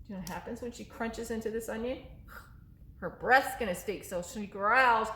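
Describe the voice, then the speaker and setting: A woman's voice: fairly high pitch, moderate pace, fairly bright tone. A woman, a children's librarian, running a story time in an upbeat way and checking in with the children through frequent questions. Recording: echoey room.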